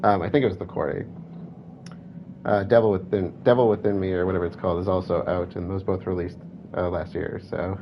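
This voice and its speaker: A man's voice: sits low, steady tone, fairly quick. A man chatting casually while playing a horror video game, reading game text aloud and correcting himself as he goes. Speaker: gameplay commentator. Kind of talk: let's play commentary. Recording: dull lo-fi with faint hiss.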